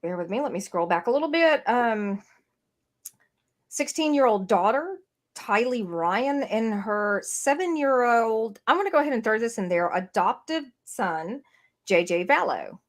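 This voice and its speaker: A woman's voice: a little high, lively intonation, a little slow. A woman co-hosting a true-crime podcast, recapping a case in a rambling way with many fillers and restarts. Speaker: podcast co-host. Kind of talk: casual true-crime chat. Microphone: streamed podcast mic.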